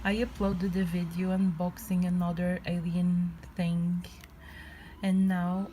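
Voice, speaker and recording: A young woman gushes excitedly over a new collectible, talking at a very slow, drawn-out pace and now and then sinking into a whisper. She is recorded on a phone, and steady room noise sits clearly behind her voice. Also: on the low side. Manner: gushing and excitable, drops into whispers at times. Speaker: vlogger unboxing a collectible figure. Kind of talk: casual unboxing chat. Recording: noisy room ambience behind.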